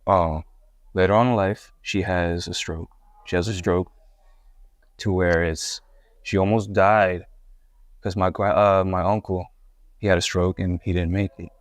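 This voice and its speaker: A man's voice: low-pitched, steady tone, unhurried, pauses often, dry recording, clean studio sound. A young man from Puerto Rico, a guest hip-hop artist, tells his life story in a candid, rambling way with many restarts. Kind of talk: casual interview storytelling.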